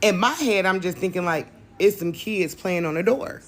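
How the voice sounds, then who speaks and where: A woman's voice: lowish voice, expressive, moderate pace. Chatty woman telling a storytime vlog. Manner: chatty, emphatic, addresses the audience directly. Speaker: vlogger.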